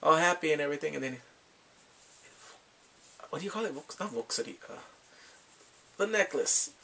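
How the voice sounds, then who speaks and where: A man's voice: fairly high pitch, lively intonation, moderate pace, gravelly, bright, forceful tone, a little hiss or hum. A man casually recapping drama episodes, rambling and filling his talk with "like" and acted-out quotes. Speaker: drama reviewer.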